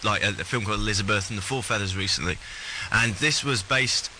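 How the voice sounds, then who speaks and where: A man's voice: on the low side, fast, pushed and bright, slight background noise, rough recording. A man who was born and raised in Britain, chatting easily as an actor guest in an interview. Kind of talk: casual interview chat.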